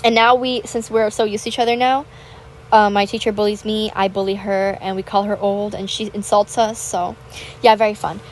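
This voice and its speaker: Over gameplay, a teen girl gaming vlogger bubbles through a casual account of her school week, acting out moments dramatically. Even so, her mid-range voice comes across flat at a normal speed. The recording is rough, with slight background noise.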